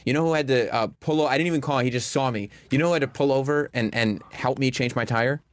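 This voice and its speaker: Radio host guy, dry jokey banter, talks fast, close dry mic. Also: medium pitch, no room sound. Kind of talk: casual studio chat. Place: radio studio.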